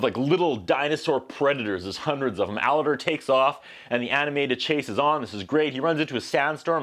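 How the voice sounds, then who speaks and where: Man, mid-pitched voice, wry sarcastic movie recap, jokey asides. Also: a bit bright. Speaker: video reviewer.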